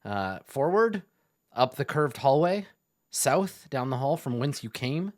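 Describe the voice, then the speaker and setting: A man's voice: medium pitch, unhurried. A man running a tabletop game as game master, with many fillers and restarts as he narrates. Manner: lively, full of fillers and restarts.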